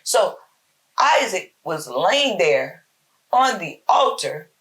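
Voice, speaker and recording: A woman hosting a short Bible talk, preaching in a slow, emphatic, folksy way with lots of repetition. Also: mid-range voice. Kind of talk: informal spoken devotional.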